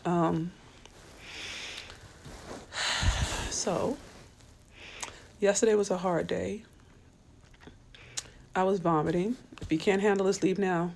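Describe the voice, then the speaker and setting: A weary woman chats with her viewers on a live stream, her voice slow and a bit gravelly. She sounds low on energy and a little weepy, speaking softly from her bed at home. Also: fairly even intonation, a little hiss or hum. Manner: soft and tired, weepy, talks to viewers by name. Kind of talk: casual live-stream chat. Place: bedroom at home.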